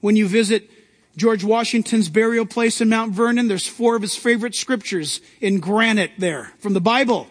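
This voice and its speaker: A pastor delivers a sermon in a very high voice, pushing hard on key lines and rising in bursts. His words ring out with the long reverb of a large sanctuary. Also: normal speed. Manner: emphatic preaching with rising outbursts.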